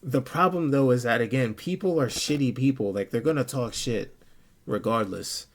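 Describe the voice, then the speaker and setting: A man's voice: mid-range voice, moderate pace. A male streamer talking casually and bluntly to his chat, swearing often and getting worked up.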